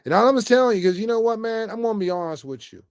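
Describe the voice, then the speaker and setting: A man's voice: sits high, animated, fast, clear, resonant tone, no room sound, studio quality. A man giving an off-the-cuff political rant to camera, emphatic and repetitive, stammering often and ending phrases with "man". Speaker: political commentator vlogger.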